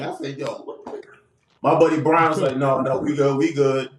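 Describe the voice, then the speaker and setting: A man, casually telling a long funny story on a podcast, acting out the people he quotes. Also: normal speed. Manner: lively, acts out quoted voices with big pitch jumps. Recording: echoey room with faint noise.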